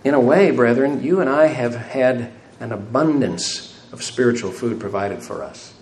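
A man's voice: mid-range voice, normal speed, darkish tone. A man preaching a sermon, asking the congregation rhetorical questions and adding light self-deprecating humor. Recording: echoey room, faint room noise.

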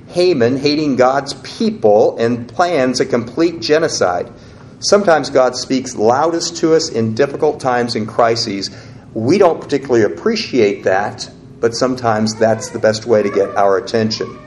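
A male preacher giving a sermon in an even, mid-pitched voice. He teaches conversationally, walking listeners through the passages as he reads. A faint background hiss sits behind his voice. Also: normal speed. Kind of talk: sermon with scripture reading.

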